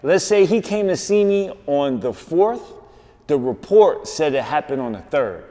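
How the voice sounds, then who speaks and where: New york guy telling a story, slangy and pushy, lively swings in his voice, bit of room reverb. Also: a little high, a little slow. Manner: animated, insistent storytelling with street slang. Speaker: guest. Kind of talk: casual podcast interview.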